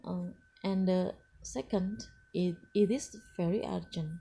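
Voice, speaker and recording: A woman, not a native English speaker, lecturing on English pronunciation with frequent pauses and restarts. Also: on the low side, steady tone, vocal fry, warm tone, breathy edge. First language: Indonesian. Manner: slow and hesitant, frequent uh fillers and restarts. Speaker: English teacher. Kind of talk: lecture presentation.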